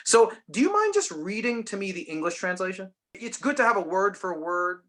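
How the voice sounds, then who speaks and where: A man's voice: high voice, very animated, moderate pace, a bit bright. A man teaching a voice lesson, patiently explaining and demonstrating lines by speaking and singing them.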